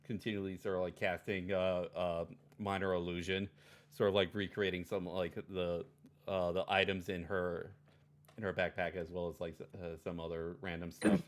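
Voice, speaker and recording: A man's voice: low voice, flat delivery, normal speed. A man describing his actions in a tabletop game, hesitant and rambling. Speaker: player.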